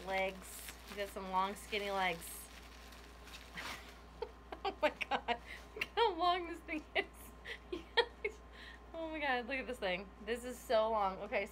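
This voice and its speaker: A woman's voice: mid-range voice, fairly bright tone, slight background noise. A woman in a casual unboxing vlog, gushing over gifts with lots of laughs and gasps. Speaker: YouTuber opening a gift box.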